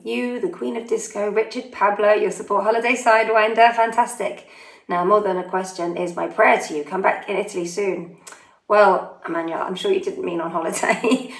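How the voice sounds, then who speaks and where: A woman's voice: medium pitch, creaky. A woman in her forties chatting casually as she reads out fan questions and answers them one by one, friendly and a little self-deprecating. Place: holiday home in Italy, family in next room. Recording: roomy echo.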